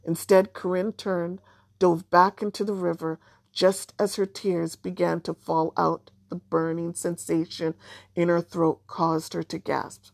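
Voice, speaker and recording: A woman narrating a children's storybook in a measured, even way. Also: lowish voice, gravelly, dry recording, studio quality. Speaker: audiobook narrator.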